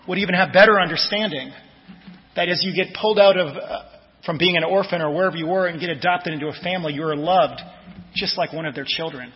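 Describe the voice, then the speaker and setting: A fairly high-voiced man preaching a sermon, his delivery conversational and his phrase endings fading quietly. The audio is dull and lo-fi, with a long church reverb behind him. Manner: conversational, tells personal stories, trails off softly at phrase ends. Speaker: pastor.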